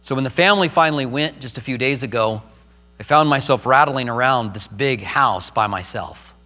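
A man's voice: mid-range voice, moderate pace, bright, forceful tone, big-room sound. A middle-aged man preaching a sermon as pastor, earnest and personal as he tells his own story.

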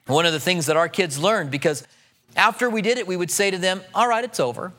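Middle-aged pastor guy, high bright voice, chatty sermon. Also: fairly quick. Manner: conversational preaching, acts out quoted voices.

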